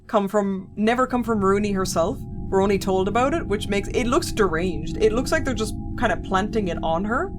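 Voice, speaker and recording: A woman's voice: mid-range voice, expressive, normal speed, hardly any pauses. A woman streaming a game, griping with sarcastic, profane commentary. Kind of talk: let's play commentary. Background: game music.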